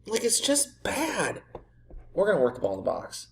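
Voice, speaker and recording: Creaky and high, his voice swoops wildly in pitch at a normal speed, with a little hiss or hum in the background. He's a gaming creator playing a football management game, delivering exasperated, sarcastic, self-mocking rants at his own team.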